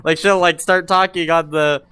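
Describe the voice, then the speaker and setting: A man's voice: on the high side, fairly even intonation, moderate pace, bright, forceful tone, clean tone. A young man rambling and complaining about his job in a casual gaming vlog, full of fillers, speaking into a VR headset mic. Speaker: gaming vlogger.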